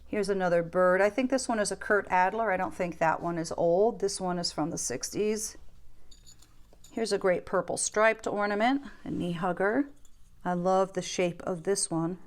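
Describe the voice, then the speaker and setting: A woman's voice: medium pitch, moderate pace. A woman giving a casual, enthusiastic show-and-tell of her vintage ornament collection in her living room. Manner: chatty, enthusiastic, gushing over finds.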